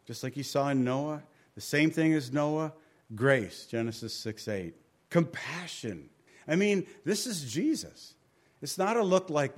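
A pastor teaching through scripture in a conversational sermon, repeating key phrases for emphasis and dropping to a quiet voice at the ends of phrases. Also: male voice, fairly high pitch, expressive, unhurried.

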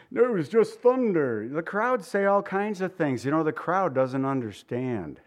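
Man preaching a lively conversational sermon. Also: a little high. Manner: conversational, rhetorical asides, slows for emphasis. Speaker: pastor.

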